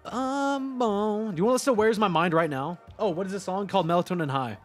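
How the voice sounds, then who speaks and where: A man chatting casually on a gaming livestream, excitable, laughing often, swearing and breaking into sudden yelps. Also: sits high, fast talker, soft background music. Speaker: streamer.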